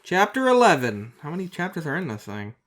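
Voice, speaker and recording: A man's voice: fairly high pitch, big pitch swings, brisk, fairly bright tone. A man co-hosting a podcast, making dry joking asides and reading fan fiction aloud, stumbling over its misspellings. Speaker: podcast co-host.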